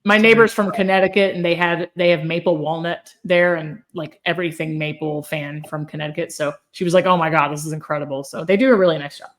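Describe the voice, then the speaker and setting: A woman with a fairly low voice co-hosts a casual food podcast. She tells her stories in a chatty, animated way and laughs often. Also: a little fast, few pauses. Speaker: podcast co-host. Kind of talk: casual chat.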